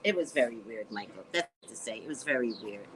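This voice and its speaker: A woman hosting a podcast, reading from a police report and adding her own animated commentary in casual chat. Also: rumbling low, a little fast, poor audio. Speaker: podcast host. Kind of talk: casual chat recounting a news case.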